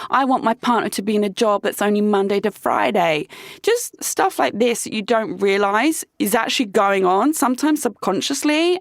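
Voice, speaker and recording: A woman's voice: medium pitch, gravelly, no echo, studio quality. A young adult woman hosting a casual solo podcast, talking frankly and chattily, swearing freely and saying "like" often. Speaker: podcast host.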